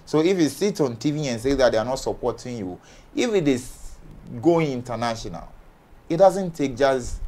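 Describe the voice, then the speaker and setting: A man from Ghana on an entertainment panel, arguing heatedly and firing off rhetorical questions. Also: medium pitch. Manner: forceful, argumentative, rhetorical questions.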